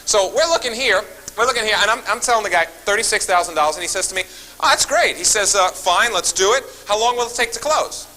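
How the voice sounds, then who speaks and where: A high-sitting, fast male voice is heard on a low-quality recording with a bit of background noise. The seminar speaker tells animated stories, acting out phone calls and speaking to the audience frequently.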